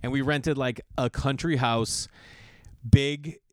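A middle-aged man from the US Northeast hosting a podcast. He tells a long personal story in a rambling, animated way, with lots of restarts and quick jumps into other people's voices. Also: mid-range voice, dry recording, studio quality. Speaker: podcast host. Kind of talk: storytelling monologue.

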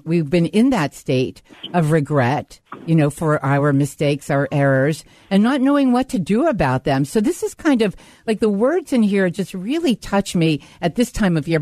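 A woman, a radio host, interviewing a pastor in a conversational way and slowing down on the key words. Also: low voice, big pitch swings, mellow.

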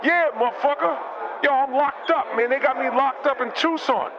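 A man's voice: very high-pitched, normal speed, crowd noise. A man voicing a brash, foul-mouthed basketball star calling from jail, in a prank phone call comedy bit. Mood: irate. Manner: profane, blustering, rambling. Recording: muffled noisy phone line.

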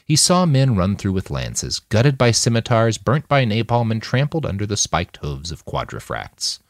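Low voiced guy reading a novel aloud, swings all over, dry booth sound. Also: normal speed, dry recording. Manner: expressive storytelling. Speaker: narrator. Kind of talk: audiobook narration.

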